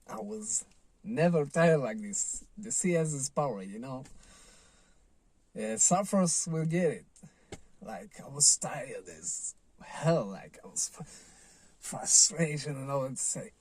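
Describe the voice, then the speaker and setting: A man's voice: medium pitch, darkish tone, dry recording. A man telling a personal surfing story in a loose, rambling vlog style, full of "like" and "you know". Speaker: surfing vlogger.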